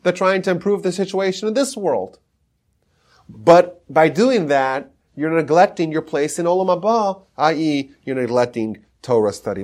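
A man with a slightly high, somewhat mellow voice gives a podcast lecture on the history of the Talmud, teaching emphatically and sprinkling in Hebrew terms.

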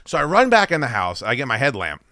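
A man hosting a podcast, telling a story casually and with lots of swearing, acting out his own shouts. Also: medium pitch, quick pace, no echo, clean studio sound. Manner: profane, animated, acts out his own shouting. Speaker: podcast host.

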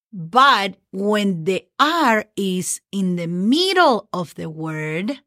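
Woman, friendly language teacher, dry close sound, medium pitch. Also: a bit bright, no room sound. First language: Spanish. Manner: chatty, checks in with "okay?" often. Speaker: Spanish teacher. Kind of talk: podcast language lesson.

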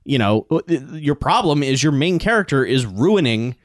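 A man in a casual movie review chat, talking in an animated, sarcastic, profane way. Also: medium pitch, normal speed, no room sound, clean studio sound. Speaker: podcast co-host.

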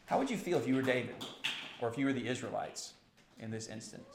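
A man preaching a sermon, animated and building to impassioned outbursts. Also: medium pitch, fast, vocal fry, echoey room, over music. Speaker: pastor.

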